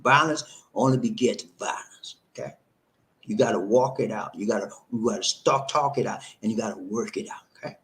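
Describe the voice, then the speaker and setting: A man's voice: lowish voice, brisk, fairly bright tone, poor audio. Male host, emphatic, repetitive, preacher-like cadence, live stream advice talk.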